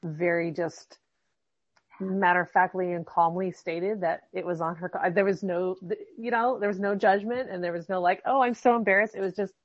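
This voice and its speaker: A woman's voice: on the low side, steady tone, moderate pace, no echo, muffled recording. A woman in a group discussion sharing a thoughtful, admiring remark about another member. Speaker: group participant.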